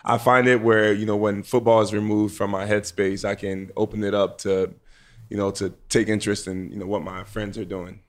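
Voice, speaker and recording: A man's voice: on the low side, little pitch movement, moderate pace. A man in his twenties, a pro football player guest, talking thoughtfully with many fillers. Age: 20s. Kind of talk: casual interview.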